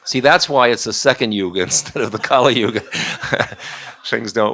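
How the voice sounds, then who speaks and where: Chatty male storyteller, bright voice. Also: mid-range voice, normal speed. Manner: chatty, asides to the listeners. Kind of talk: casual bedtime storytelling.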